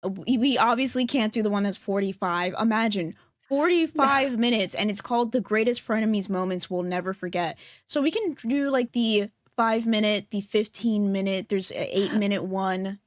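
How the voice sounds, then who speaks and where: A woman co-hosting a casual commentary chat, animated and quick to mimic others. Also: mid-range voice, dry recording. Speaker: co-host.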